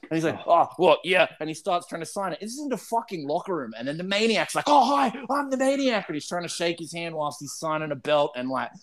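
A man, spinning a wrestling-room yarn in casual podcast chat. He swears freely, laughs between lines and drops into quick impressions of the people he quotes. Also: a little high, lively intonation, a bit bright. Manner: profane, laughing, acts out quotes.

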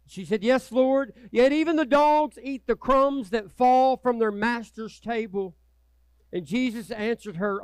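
A male pastor preaching a passionate sermon, moving from loud, urgent appeals to hushed, quiet prayer. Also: extremely high pitch, a little slow, smooth, no echo.

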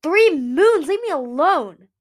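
A woman voicing a proud young male ice dragon who snaps at his friends in a sharp, forceful way. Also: high-pitched, animated, normal speed, voice pushed up. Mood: angry.

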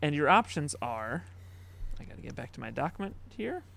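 A man hosting a casual chat, talking in halting bursts and laughing at himself. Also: on the high side, very animated, vocal fry, fairly bright tone. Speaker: podcast host.

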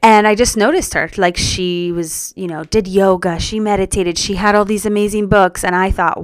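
A young woman telling her personal story as a podcast guest, earnest and reflective, in a soft-spoken way. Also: medium pitch, steady tone, moderate pace, few pauses, smooth, no echo.

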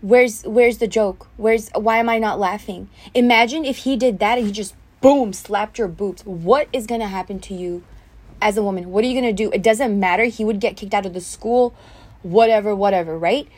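A young woman hosts her own podcast and tells a story from her life. She sounds indignant and heated, with many fillers and restarts. Her voice sits at a middle pitch. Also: a little fast, darkish tone. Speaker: podcast host.

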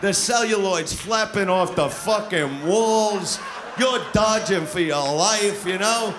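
On a comedy club stage, a male stand-up comedian performs a live set with a brash, crude, swaggering delivery. His voice is high and his pace slow, with a noisy background. The live club recording picks up crowd laughter.

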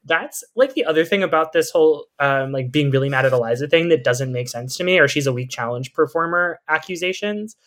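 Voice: medium pitch, a little fast, hardly any pauses, a bit bright. A podcast co-host in casual chat, thinking aloud in long rambling sentences and turning blunt at times. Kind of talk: casual chat about a reality show.

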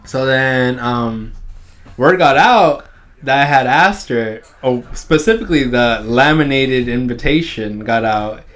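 A young man co-hosting a podcast, telling a high school story in a loose, profane way and laughing often. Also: animated, unhurried, a bit bright. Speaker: podcast co-host. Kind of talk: casual storytelling chat.

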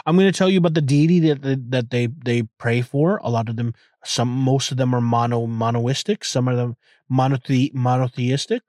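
Podcast host, young man, mid-pitched, talks from his car, loose and joking, lots of restarts. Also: steady tone, moderate pace, a little mellow, no echo, clean studio sound. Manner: rambling, irreverent, joking, many restarts. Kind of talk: casual solo podcast monologue. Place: inside a car.

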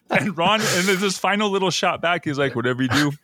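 A man's voice: high voice, dry recording. Chatty man recapping a show, dry mic. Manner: laughs often, animated while retelling scenes. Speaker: podcast host. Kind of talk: casual episode recap chat.

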